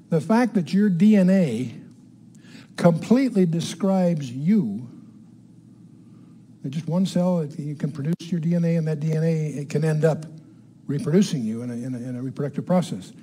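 An older man teaches the Bible to a live audience in a voice that sits a little high yet sounds mellow and relaxed. For emphasis he repeats words, and he regularly checks in with the room by asking questions.

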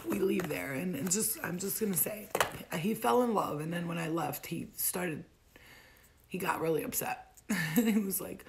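A young American woman telling a funny travel story to camera, animated and profane, laughing often. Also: fairly low pitch, a little fast, vocal fry. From United States. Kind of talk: storytime vlog.

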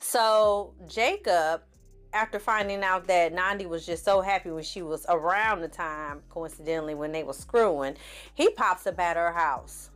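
A woman with a mid-range voice recaps a TV drama in a sassy, chatty way. She slips into the characters' lines as she talks. Faint music plays underneath. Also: medium pitch. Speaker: TV series reviewer. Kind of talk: casual recap commentary.

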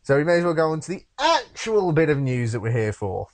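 A man's voice: fairly high pitch, big pitch swings, fairly quick. A man co-hosting a casual podcast chat, ranting in an exasperated tone. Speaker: podcast co-host.

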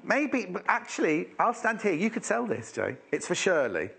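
A man hosts a live shopping show, talking chattily and teasing his colleagues. His voice sits fairly high and swings widely in pitch. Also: big pitch swings, moderate pace, gravelly, a bit bright, slightly rough. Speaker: shopping TV presenter. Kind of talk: live shopping channel chat.

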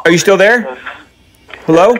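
A man making a prank phone call, rambling on with absurd lists in a deadpan, playful way. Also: high-pitched, measured pace. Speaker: prank caller.

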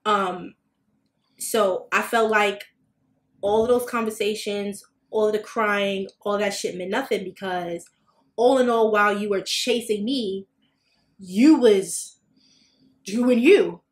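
Casual podcast co-host, woman, lively storyteller who jumps high when quoting people. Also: measured pace. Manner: animated, swearing, acts out quotes with big jumps in pitch.

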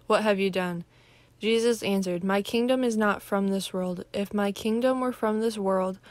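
Woman lector, scripture reading, dry sound, even delivery. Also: medium pitch, no echo. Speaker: scripture reader. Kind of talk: reading the Passion aloud in church.

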